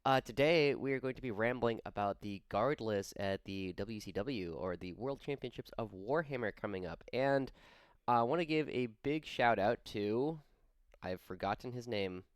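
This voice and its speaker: A man's voice: mid-range voice, moderate pace, smooth, dry recording. A young man hosting a hobby gaming channel, rambling casually with lots of fillers and self-corrections. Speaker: wargaming channel host.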